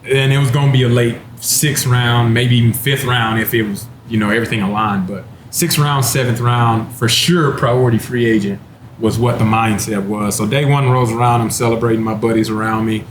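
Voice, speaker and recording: A man's voice: medium pitch, fairly even intonation, normal speed, noisy background. Laid-back man telling a laughing story. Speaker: former NFL running back, panelist. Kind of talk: casual storytelling chat. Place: wine bar, indoors. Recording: roomy with faint ambience.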